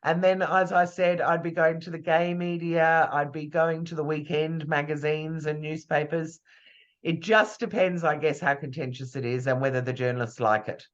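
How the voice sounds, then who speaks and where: A man's voice: on the high side, fairly even intonation, normal speed, fairly bright tone. A man coaching people on publicity in a live online class, chatty and thinking aloud with fillers and restarts. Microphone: video call. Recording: lo-fi video call audio.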